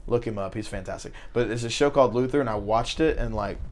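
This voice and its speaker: A young man from South Carolina with a light Southern accent, co-hosting a casual student podcast chat. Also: medium pitch. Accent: American Southern. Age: young adult. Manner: animated, fast-talking, laughs often. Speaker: podcast co-host.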